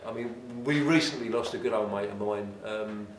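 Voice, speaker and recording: An older man spins stories loudly in a casual chat and laughs easily. He sits a little back from the mic in an echoey shop, with a faint hiss under his voice. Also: lowish voice, normal speed, far from the mic. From England. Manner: storytelling, loud, laughs easily. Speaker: drum shop owner.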